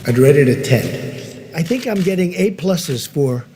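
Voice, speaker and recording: Brief: politician at a podium, a man with a raised pitch, emphatic and repetitive. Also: animated, moderate pace, dark tone, big-room sound, a little hiss or hum. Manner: emphatic, boastful, repeats phrases. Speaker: politician speaking at rallies and interviews. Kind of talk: public speech clips.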